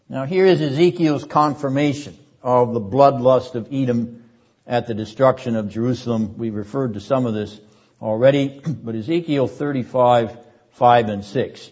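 An older male seminary lecturer explains a text in a deliberate, emphatic classroom manner, hammering key words through repetition. He clears his throat often between points. The lecture recording sounds dull and lo-fi. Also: medium pitch, a little mellow.

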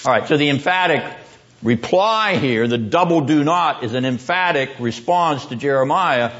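A man's voice: fairly high pitch, lively intonation, moderate pace, a bit bright, highs cut off. A man teaching a seminary class on the Bible, quizzing his students and driving points home by repeating them.

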